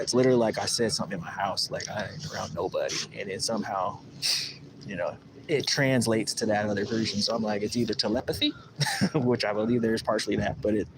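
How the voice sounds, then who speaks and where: A man's voice: fairly low pitch, brisk, background noise. A man hosting a casual livestream, rambling through a story and acting out the voices of the people in it. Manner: rambling, animated, acts out quoted voices. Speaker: livestream host. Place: outdoors at a lake.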